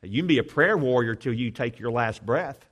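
A man in his fifties preaching a sermon, driving hard on some points and dropping low and quiet on others. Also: animated, normal speed. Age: 50s. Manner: emphatic preaching, swinging between loud declarations and low, quiet intensity. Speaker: pastor.

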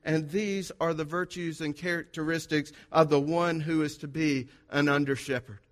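A man's voice: fairly high pitch, steady tone, moderate pace. A man preaching a sermon to his congregation, driving his points home with repeated, rhythmic phrases and a sing-song lift on key words. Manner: emphatic, repetitive, rhythmic lists. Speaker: pastor.

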